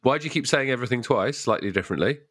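Bright-voiced man co-hosting a podcast. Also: medium pitch, lively intonation, rapid-fire, no echo. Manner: dry, teasing, moves the show along. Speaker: podcast co-host. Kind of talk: casual chat.

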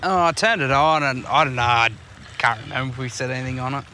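Swearing Australian man with a bright voice. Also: mid-range voice, fast, slight background noise. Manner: swears a lot, tells rambling stories. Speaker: podcast co-host. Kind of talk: casual chat.

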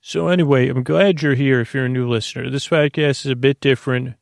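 A man's voice: mid-range voice, steady tone, quick pace, gravelly, dry recording, studio quality. A man hosting a sleep podcast, talking in a goofy, meandering way and correcting himself often. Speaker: podcast host. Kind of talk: rambling sleep podcast monologue.

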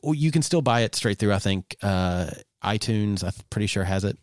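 A man's voice: fairly low pitch, animated, normal speed, dry recording, studio quality. An American man co-hosting a podcast, joking playfully and stumbling over fillers. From United States. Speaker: podcast co-host. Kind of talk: casual podcast chat.

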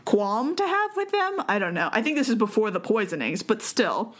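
A woman's voice: mid-range voice, big pitch swings, normal speed. A young woman hosting a casual chat, telling a story with many fillers and frequent laughs. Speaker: podcast host telling the story.

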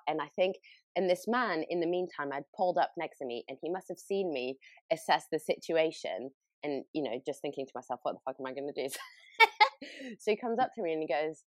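A woman's voice: low voice, lively intonation, fairly quick, no echo. A woman with a British accent, a podcast host telling a story in casual chat, laughing often. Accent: British English.

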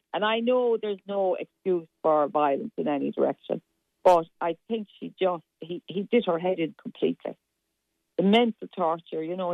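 A woman's voice: on the low side, creaky, no room sound, narrow, tinny audio. A woman speaking bluntly as a radio contributor. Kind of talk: casual radio chat.

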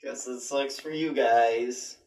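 A man's voice: mid-range voice, fairly even intonation, slow pace. A man playing in a tabletop game, whiny, dramatic and sweary. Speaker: player. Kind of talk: casual tabletop game play.

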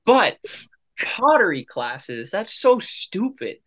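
A man's voice: high voice, sing-song, slow pace, bright, forceful tone. A man co-hosting a casual podcast, joking and teasing in playful banter with his girlfriend. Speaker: podcast co-host. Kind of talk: casual couple chat.

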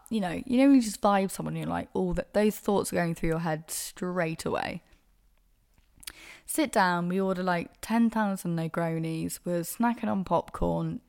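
A young woman hosting a podcast, telling a dating story in a frank, sweary, animated way. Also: on the low side, gravelly. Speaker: podcast host. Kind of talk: casual solo storytelling.

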